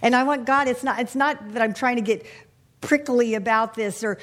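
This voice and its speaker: A woman's voice: fairly high pitch, normal speed. Earnest woman teaching a Bible class. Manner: earnest and confiding, asks the room questions. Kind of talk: informal Bible teaching to a group.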